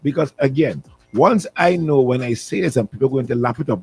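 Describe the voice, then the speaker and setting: Animated husky Vincentian co-host. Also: male voice, a little high, normal speed, no echo, soft background music. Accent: Vincentian English. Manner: animated, joking, rhetorical. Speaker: radio co-host. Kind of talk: casual talk radio banter.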